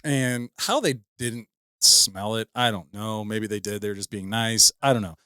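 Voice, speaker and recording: In a clean, studio-quality recording with no room sound, a podcast co-host in his thirties laughs and rambles through a long embarrassing story, restarting often. His voice is fairly low, sharp and clean in tone, at a moderate pace.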